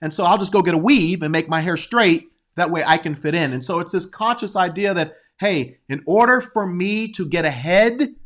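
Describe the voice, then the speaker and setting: A man with a somewhat high voice talks through a sensitive topic in casual conversation. He speaks earnestly but haltingly and keeps restarting his sentences as he works out his point. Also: fairly bright tone. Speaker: discussion guest.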